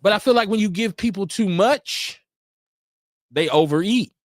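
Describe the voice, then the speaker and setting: A man hosting a casual live-stream talk show, animated and mimicking other voices as he tells stories. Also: sits high, moderate pace, no echo, studio quality. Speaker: podcast host.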